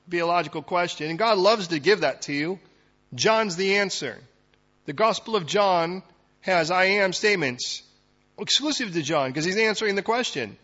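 A man preaching a sermon as a pastor, dramatic, swinging from loud emphatic lines to hushed ones. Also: sits high, animated, moderate pace, dull audio.

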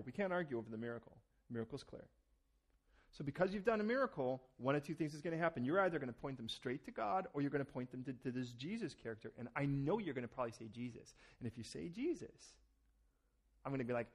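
A pastor delivers an animated sermon, acting out quoted exchanges and repeating words as he launches each thought. His voice sits high and he speaks fast.

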